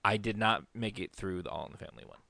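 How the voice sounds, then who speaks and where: A man hosting a casual podcast chat, telling stories in a rambling way and slipping into quick impressions. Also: on the low side, vocal fry, no echo. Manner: rambling, animated storytelling with impressions.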